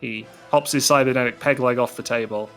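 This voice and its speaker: A man narrating as game master of a tabletop game, relaxed and hesitant, with fillers and chuckles. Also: medium pitch, fairly quick, music in the background.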